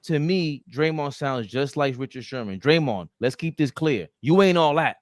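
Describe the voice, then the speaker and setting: A man co-hosting a casual sports podcast, talking in slangy, emphatic bursts with loud outbursts. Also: fairly high pitch, expressive, normal speed, dry recording, studio quality. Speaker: podcast co-host.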